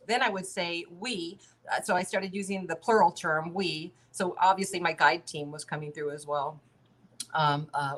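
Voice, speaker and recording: Casting: middle-aged woman, lowish voice, rambling and chatty, laughs a lot, video-call audio. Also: fairly bright tone. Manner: chatty, many fillers and restarts, laughs often. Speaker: interview guest. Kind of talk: casual conversational storytelling.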